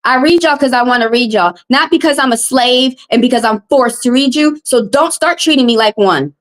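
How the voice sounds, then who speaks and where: A woman tarot reader from the American South, hosting a live stream and venting at her chat. Her voice sits slightly high, and she is upset and confrontational and circles back over the same points. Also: fairly quick. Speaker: tarot reader and livestream host. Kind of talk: heated live-stream rant.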